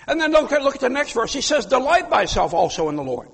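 Male pastor, husky, emphatic sermon delivery, long church-hall reverb. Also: very high voice, big pitch swings, quick pace. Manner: fiery, emphatic preaching with sudden loud outbursts.

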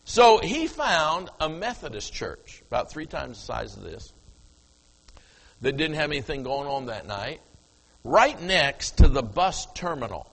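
Older man preaching, lively story-telling, bright tone, echoing church hall. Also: fairly high pitch, measured pace, gravelly. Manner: animated storyteller acting out dialogue. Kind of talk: sermon storytelling. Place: church platform before congregation.

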